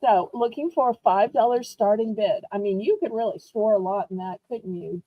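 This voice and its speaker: A woman hosting a live online auction from home, chatty and rambling, teasing herself as she pitches items. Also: normal speed, dry recording, phone-quality sound. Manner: bubbly, rambling, self-teasing. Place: indoors at home.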